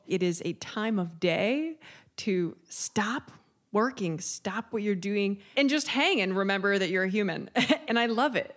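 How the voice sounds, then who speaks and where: Giggly, chatty woman co-host. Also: mid-range voice. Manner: chatty, giggly, explains with enthusiasm. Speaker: podcast co-host. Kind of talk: casual chat. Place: lives in Italy.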